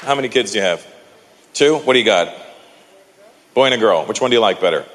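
A man performing a stand-up comedy routine, talking in an animated way and bursting into loud character bits. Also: fairly low pitch, fast, a little hiss or hum. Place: large live comedy venue. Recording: live venue with long reverb and faint crowd ambience.

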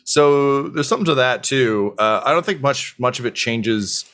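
A man's voice: medium pitch, expressive, normal speed, fairly bright tone. A man narrating as game master of a tabletop game, casual and full of fillers.

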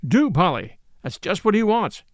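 A man voicing a kind, cheery cab driver who speaks gently but decidedly, in a storybook reading. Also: high-pitched, big pitch swings, normal speed, no echo, studio quality.

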